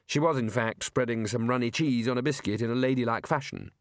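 A man's voice: medium pitch, fairly quick, dry recording. Wry male audiobook narrator, dry close read.

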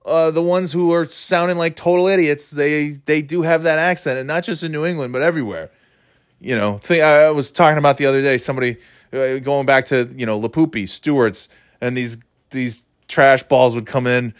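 A man's voice: a little high, normal speed, dry recording, studio quality. A man giving casual, sarcastic commentary on a clip, swearing freely. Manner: sarcastic, swears, mocks with put-on voices.

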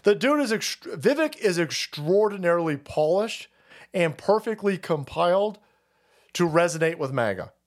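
A man's voice: high voice, expressive, moderate pace. A man hosting a livestream, ranting about politics in a heated, profane, repetitive way. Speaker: livestream host.

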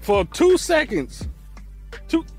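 Guy ranting on his reaction show, high voice all over the place, cussing a lot. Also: slow pace, faint music behind. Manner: loud, animated, swearing freely. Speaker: host. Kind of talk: profane reaction commentary.

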